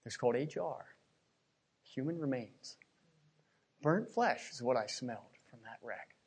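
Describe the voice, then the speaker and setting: A middle-aged man from Pennsylvania preaching a sermon, telling a personal story with emotion and repeating his words as he swings from hushed to loud. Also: mid-range voice, lively intonation, measured pace, husky.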